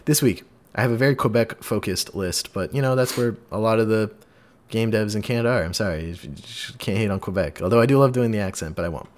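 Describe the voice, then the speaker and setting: A man in his twenties hosting a casual podcast, animated and jokey, often restarting his sentences. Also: fairly low pitch, fast talker. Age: 20s. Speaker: podcast host.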